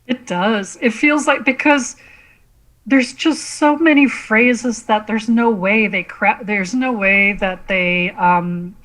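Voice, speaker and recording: A woman from Canada, a guest on a podcast, chatting casually and in an animated way. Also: mid-range voice, slow, low-quality recording. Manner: animated, quotes lines from scenes. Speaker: guest, comedic actress.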